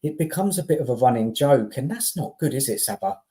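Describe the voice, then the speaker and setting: A guest talks football on a fan stream in a warm, dark tone. The delivery is exasperated and emphatic, with stammered restarts. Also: medium pitch, lively intonation, brisk. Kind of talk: casual football chat.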